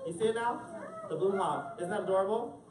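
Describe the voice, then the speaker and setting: At a live indoor event for families, a drag queen reads a storybook aloud to children, playful and teasing, joking with the audience and drawing out rhyming lines slowly in a sing-song way. The mid-range voice is recorded from far off in an echoey room with a loud crowd and a little hiss or hum.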